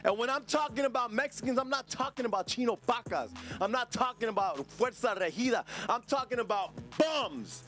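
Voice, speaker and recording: A man's voice: extremely high pitch, brisk, hardly any pauses, fairly bright tone, soft background music. A man hosting a livestream podcast, ranting angrily at his chat in a profane, drawling, sing-song way. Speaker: podcast host.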